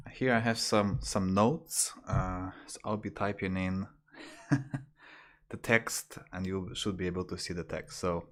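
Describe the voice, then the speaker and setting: A man teaching slang on a livestream, talking hesitantly with fillers and restarts, jumping higher when he imitates phrases. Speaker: language teacher. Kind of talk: casual livestream lesson.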